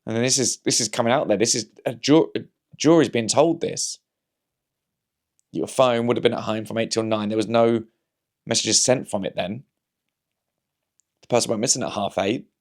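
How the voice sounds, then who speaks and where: A man's voice: mid-range voice, moderate pace, pauses often. Brief: man, comedian host, casual chatty monologue, mid-range voice, wry storyteller who spins out hypotheticals. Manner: wry, anecdotal, talks himself through hypotheticals with frequent restarts.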